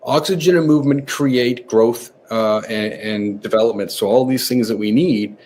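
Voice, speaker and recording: In a conversational podcast interview, a mid-range-voiced man who writes about nervous system training talks at normal speed. He lays out his ideas casually and animatedly acts out small examples along the way, with slight background noise in the recording.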